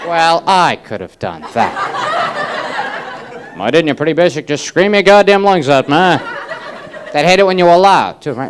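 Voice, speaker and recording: Wry New comic man, lively pitch. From Massachusetts. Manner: wry, deadpan storytelling with quick asides. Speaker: stand-up comedian. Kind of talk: stand-up routine and talk-show chat. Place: comedy club stage with live audience. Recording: 1980s cable TV audio, audience and hiss.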